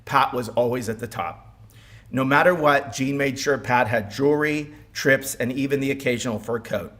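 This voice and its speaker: A man's voice: mid-range voice, normal speed, fairly bright tone. A man giving a eulogy at a funeral home as the son-in-law, speaking with wry humor and some stumbles.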